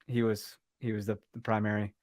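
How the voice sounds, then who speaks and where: A man's voice: fairly low pitch, flat delivery, a little fast, darkish tone, dry recording, clean studio sound. A young man co-hosting a casual sports podcast, joking and teasing his co-host in a playful way.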